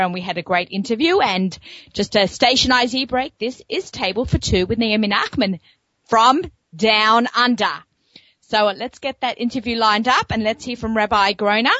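A woman's voice: mid-range voice, a bit bright, no room sound, lo-fi sound. An American woman hosting a casual radio interview show, chatty, with frequent laughs and many fillers.

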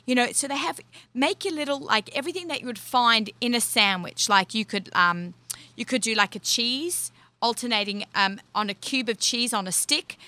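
A woman's voice: a little high, expressive, moderate pace, sharp tone, dry recording. A middle-aged woman guest on a talk show, explaining in a rambling, filler-heavy casual chat.

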